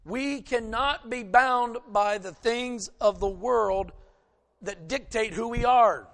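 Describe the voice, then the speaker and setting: A man from the American South preaches in a folksy, animated way, teasing the congregation between points. His voice sits high for a man. He swings from loud emphasis down to quiet storytelling. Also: takes it slowly. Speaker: pastor. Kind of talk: sermon.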